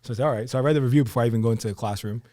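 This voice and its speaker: A man's voice: mid-range voice, rapid-fire, no echo, studio quality. A young man with a New Jersey accent, a podcast guest telling his story casually, acting out quotes and using lots of fillers. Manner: animated storyteller, acts out quotes, many fillers. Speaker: real estate agent, podcast guest.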